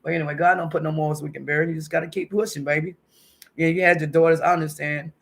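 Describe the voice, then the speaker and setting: A woman's voice: deep voice, little pitch movement, quick pace, gravelly. A woman in her fifties hosting a casual home livestream, chatty and emotional, calling her viewers honey and baby. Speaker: livestream host. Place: at home indoors.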